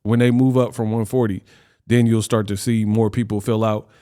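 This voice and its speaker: A man hosting a boxing news channel, giving casual reaction commentary in an animated, slangy way. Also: fairly low pitch, smooth. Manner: animated, slangy, fast banter.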